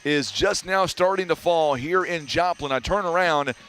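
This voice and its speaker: A man with a Southern American accent calling a high school basketball game on local radio, chatty and folksy, reading sponsors and weather between plays. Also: normal speed, a bit bright, soft background music. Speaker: play-by-play announcer. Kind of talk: radio sports commentary.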